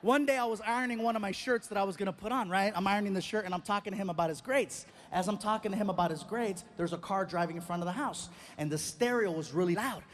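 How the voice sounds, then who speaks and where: A man's voice: sits high, quick pace, hardly any pauses. A middle-aged man doing stand-up on a live stage, telling exaggerated stories and punchlines. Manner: animated, exaggerated storytelling with punchlines. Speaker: stand-up comedian.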